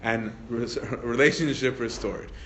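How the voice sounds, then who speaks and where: A male priest leading a Bible study in a relaxed teaching manner, often adding tag questions and restarting sentences. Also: medium pitch, unhurried, a little hiss or hum. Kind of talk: conversational teaching talk.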